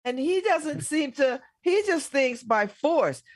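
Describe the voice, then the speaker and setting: A woman's voice: sits high, expressive, takes it slowly, no echo. A middle-aged woman hosting a casual political talk show, blunt and emphatic, laughing often. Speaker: radio host.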